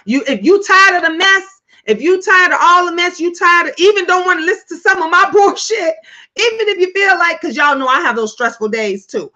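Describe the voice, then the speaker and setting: A woman hosts a casual livestream, speaking in a high, bright voice. She is loud, playful and profane, and breaks into laughter often. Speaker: livestream host.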